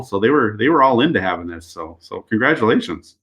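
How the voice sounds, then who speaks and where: A man's voice: fairly low pitch, lively intonation, quick pace, hardly any pauses, a bit bright. A middle-aged man talking casually as a podcast guest, rambling with many restarts and fillers. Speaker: guest, hunting club president.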